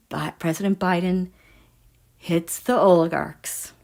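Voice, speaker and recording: A woman hosting a tarot and astrology livestream, chatting casually and emphatically with her viewers and reading out their comments. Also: medium pitch. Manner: animated, emphatic, talks straight to her viewers.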